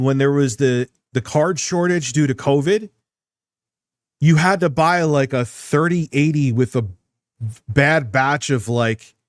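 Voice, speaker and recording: A man's voice: medium pitch, dry recording. Rambling, profane male streamer, dry sound. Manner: rambling, profane, self-mocking. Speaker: streamer reacting to a video. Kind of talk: casual live-stream commentary.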